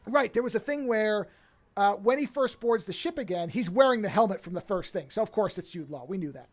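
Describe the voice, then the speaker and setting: A woman's voice: medium pitch, brisk. A woman hosting a podcast, recapping a TV episode in casual chat, acting out the quotes and swearing freely. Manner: animated storytelling, acts out quotes, swears freely. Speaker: podcast host.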